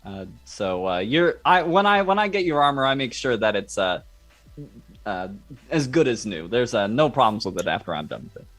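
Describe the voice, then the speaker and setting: A man playing in a tabletop game, explaining his character in a hesitant, halting way with many fillers. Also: medium pitch, very animated, fairly bright tone, no echo. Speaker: player. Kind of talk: casual tabletop play.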